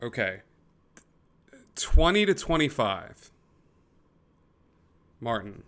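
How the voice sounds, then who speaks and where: Game master, male, bright tone, rambling descriptive narration with frequent fillers. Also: medium pitch, big pitch swings, very slow. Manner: descriptive, with many fillers and restarts. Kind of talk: narrating a tabletop game over a call.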